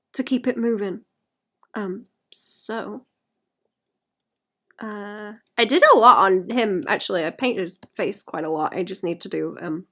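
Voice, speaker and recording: A woman artist talking to her stream chat while painting, sweary and self-mocking, often muttering and whispering to herself. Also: mid-range voice. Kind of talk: live-stream chat with viewers.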